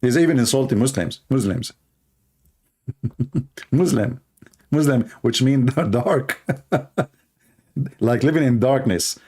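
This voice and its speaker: A man runs a live call-in debate, talking in a taunting, scornful way and laughing often. His voice is mid-pitched and ordinary. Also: slow, pauses often, dark tone, breathy edge. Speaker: host of a live debate stream.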